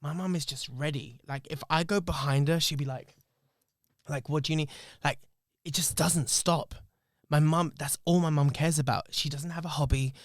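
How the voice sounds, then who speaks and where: A man's voice: a little high, steady tone, moderate pace, dry recording, studio quality. A man, hosting a podcast and telling a personal story in an emotional, reflective, candid way, swearing freely. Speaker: podcast host.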